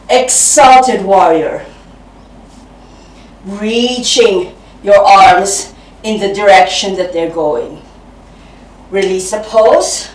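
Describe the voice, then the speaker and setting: A woman who teaches yoga and leads a class with short, calm cues and breathy exhales, out of breath at times. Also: fairly high pitch. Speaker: yoga instructor. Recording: roomy, from a distance.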